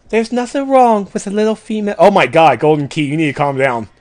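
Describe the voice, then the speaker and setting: Slow-talking playful male podcast host. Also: high voice, darkish tone. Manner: laughs often, playful. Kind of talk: casual chat.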